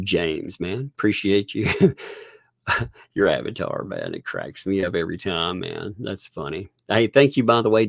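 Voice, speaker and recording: A man's voice: low voice, creaky, no room sound, studio quality. A man with a Southern US accent hosting a casual livestream, rambling, chuckling often and thanking viewers. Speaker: livestream host.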